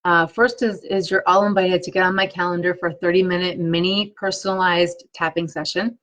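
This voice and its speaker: A woman coaching energy tapping on a live stream, guiding slow repeated affirmations and chatting encouragingly with viewers. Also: fairly low pitch, fairly even intonation, poor audio. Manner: warm, encouraging chat with viewers.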